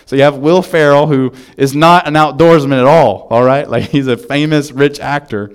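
A pastor preaching a sermon in a church, telling a story with lots of fillers before turning to prayer. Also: male voice, fairly high pitch, moderate pace, clear, resonant tone. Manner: casual storytelling with fillers, animated retelling.

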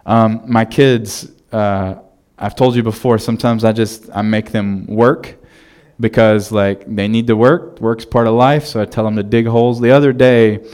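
Smooth-voiced pastor preaching casually. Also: male voice, mid-range voice, a little mellow. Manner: conversational storytelling with restarts. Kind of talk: sermon.

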